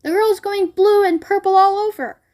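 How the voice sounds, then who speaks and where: A woman's voice: very high-pitched, fairly even intonation, moderate pace, darkish tone, voice pushed up. A woman reading a storybook aloud, voicing a doting mother who screeches and panics. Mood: panicked. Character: shrieking, doting middle-aged mother.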